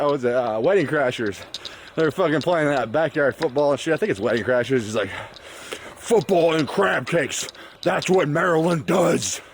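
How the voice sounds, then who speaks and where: A man's voice: a little high, a little hiss or hum. A man from the US Midwest with a mixed Southern drawl, rambling crudely and joking while walking a forest trail, recorded on a phone camera. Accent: mixed Southern drawl and Northern US. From Michigan, US Midwest. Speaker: thru-hiker vlogger. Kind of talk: casual profane trail monologue. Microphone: phone camera on trekking pole.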